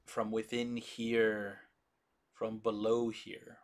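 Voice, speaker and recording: A man narrating a tabletop game as game master, describing scenes in slow, descriptive detail. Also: on the low side, completely flat delivery.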